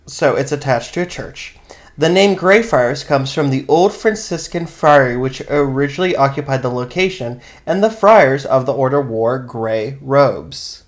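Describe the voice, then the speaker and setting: A man's voice: mid-range voice, lively intonation, moderate pace. A man co-hosting a podcast, casually telling a graveyard history with chatty asides. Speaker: podcast co-host and storyteller. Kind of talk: casual chat and read narration.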